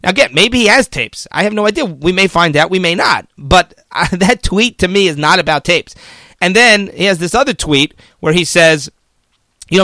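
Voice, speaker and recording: A man's voice: high-pitched, lively intonation, normal speed, pushed and bright, dry recording. A man hosting a political commentary show, talking casually and argumentatively, often mocking the media with quoted voices.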